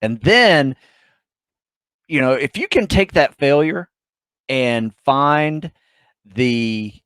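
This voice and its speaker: A man co-hosting a casual podcast, talking with enthusiasm and plenty of fillers, sometimes trailing off softly. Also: medium pitch, animated, extremely slow, smooth, no echo. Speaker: podcast co-host. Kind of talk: casual chat.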